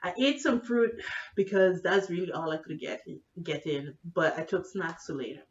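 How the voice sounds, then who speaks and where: A woman telling a comedic, profane story in an animated vlog style. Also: lowish voice, normal speed, lo-fi sound. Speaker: vlogger.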